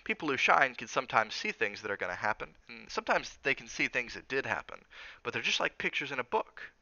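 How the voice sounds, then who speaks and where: Folksy gravelly old cook guy, man reading him out, reassuring drawl, muffled. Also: medium pitch, big pitch swings, brisk, pushed and bright, dry recording, voice pushed up, full character voice. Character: kindly older male hotel cook, folksy.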